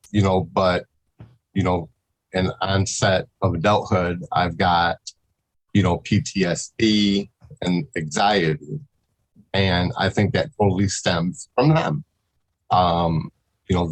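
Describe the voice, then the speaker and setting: A man speaking as a podcast guest in casual, halting talk, full of fillers and pauses. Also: low-pitched, steady tone, poor audio. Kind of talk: casual interview chat.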